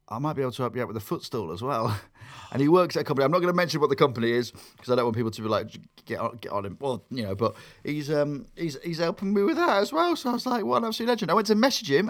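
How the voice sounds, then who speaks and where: A man in his twenties chats on a podcast and rambles from one story to the next. His sentences stop and restart, and his pitch sits in the middle range for a man. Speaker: podcast co-host. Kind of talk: casual podcast chat.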